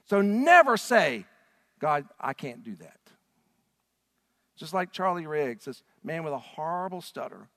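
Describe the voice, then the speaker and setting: A man preaching a sermon as a pastor, swinging from hushed lines to loud call-and-response with the congregation. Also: on the high side, big-room sound.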